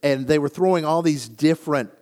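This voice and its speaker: An older man, reading scripture and preaching a sermon, earnest in his storytelling and dropping low and soft on solemn lines. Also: a little fast, long reverb tail. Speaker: pastor.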